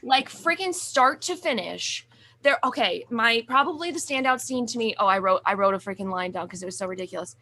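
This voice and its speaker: A woman's voice: a little high, lively intonation, a little fast, bright, forceful tone, a little hiss or hum. A young adult woman co-hosting a podcast, chatting casually and gushingly about horror movies with many fillers. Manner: gushing, rambling, lots of fillers and swearing. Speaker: podcast co-host.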